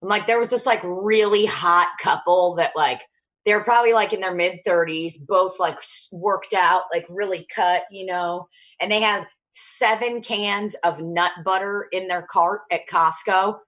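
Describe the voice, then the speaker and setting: A woman hosting a podcast in casual chat, telling animated stories and swearing freely. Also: lowish voice, unhurried, muffled recording. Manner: chatty storyteller, swears freely, animated retelling. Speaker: podcast host.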